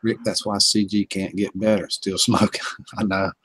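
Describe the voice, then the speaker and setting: A man's voice: lowish voice, level tone, normal speed, fairly bright tone, husky, no echo. A man hosting a casual home livestream, chuckling often and greeting chat viewers by name. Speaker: livestream host.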